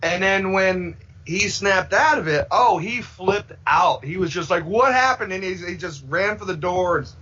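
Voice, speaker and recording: A man's voice: high-pitched, unhurried, few pauses, sharp tone, husky. A man guesting on a podcast, rambling casually and acting out the voices he quotes. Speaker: filmmaker guest. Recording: dull lo-fi sound.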